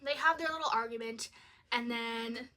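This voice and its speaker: Young woman, bright tone, slightly high pitch, casual film-review chatter, exasperated, lots of "like". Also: moderate pace. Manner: chatty, exasperated, uses "like" often. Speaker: video creator reviewing a film.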